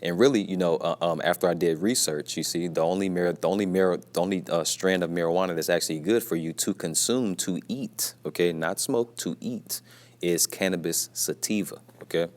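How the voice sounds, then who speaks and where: A man with a low voice, talking a little fast, shares a relaxed scripture lesson from where he works. Repetition runs through it, along with frequent "man" and "you see," and he occasionally speaks softly because he's at work.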